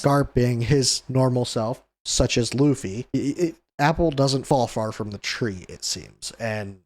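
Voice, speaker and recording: A man with an ordinary mid-range voice talks through a comic chapter in a loose, casual way. He rambles and chuckles often, and slips into quick character voices as he goes. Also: mid-range voice. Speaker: host of a manga review channel. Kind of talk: casual chapter review chat.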